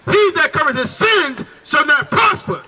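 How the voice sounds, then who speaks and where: A man with a very high, piercing voice shouts out verses and drags each phrase out slowly. His tone is bright and cutting. Faint noise hangs behind him outdoors. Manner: loud, drawn-out declaiming. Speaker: scripture reader. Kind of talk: reading scripture aloud.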